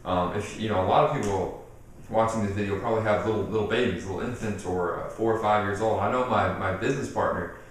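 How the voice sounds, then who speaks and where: A man giving casual parenting advice straight to camera, animated, acting out what people say and repeating himself as he goes. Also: fairly low pitch, quick pace, slight background noise. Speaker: parenting video host. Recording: very echoey room, mic off at a distance.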